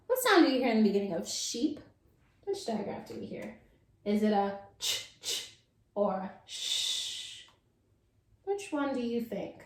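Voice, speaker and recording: Animated woman teaching phonics to kids. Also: on the high side. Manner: playful, sing-song, sounds out letters slowly. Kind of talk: children's phonics lesson. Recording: echoey room.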